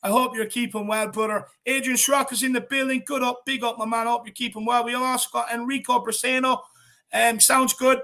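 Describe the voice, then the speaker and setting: A man hosting a casual livestream chat, reading out viewer messages with animated energy. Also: very high voice, brisk. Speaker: host of fan channel.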